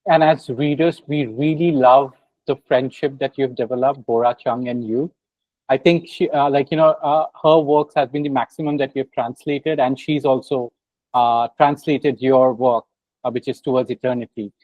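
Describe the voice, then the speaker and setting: A man's voice: mid-range voice, fairly even intonation, normal speed, dry recording. A man hosting an interview. He asks his questions hesitantly and uses many filler words. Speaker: interviewer, host. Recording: dull, lo-fi, dry audio.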